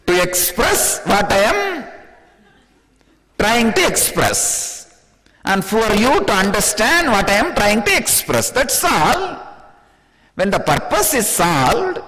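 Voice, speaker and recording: Indian-accented male spiritual teacher, high animated delivery, playful and laughing, long reverb of a hall. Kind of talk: spiritual discourse.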